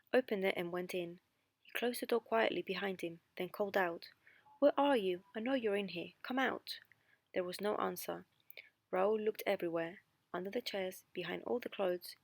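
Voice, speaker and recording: Woman with a gravelly reading voice. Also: mid-range voice, dry recording. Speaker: narrator. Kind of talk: scripted narration of a graded reader.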